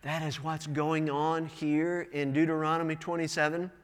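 A man preaching a sermon through a microphone, animated and breaking into emphatic bursts. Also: fairly high pitch, moderate pace, clear, resonant tone, big-room sound. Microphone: wearing a microphone.

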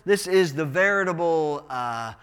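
A man preaching a sermon through a microphone, animated and breaking into emphatic bursts. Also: a little high, unhurried, clean tone, long reverb tail. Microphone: wearing a microphone.

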